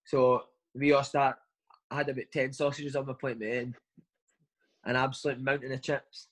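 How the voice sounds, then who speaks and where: A man's voice: mid-range voice, flat delivery, normal speed, a bit bright, poor audio. A man, a footballer, chatting casually in an interview and telling long anecdotes, forever saying "mate". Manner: chatty storytelling, says "mate" constantly. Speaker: footballer guest.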